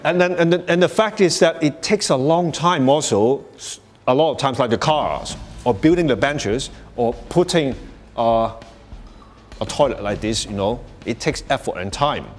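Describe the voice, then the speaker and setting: A man's voice: mid-range voice, normal speed, soft background music. A man presenting at a live workshop to an audience, speaking conversationally with many restarts and "you know"s, and chuckling often as he explains. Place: workshop space before an audience.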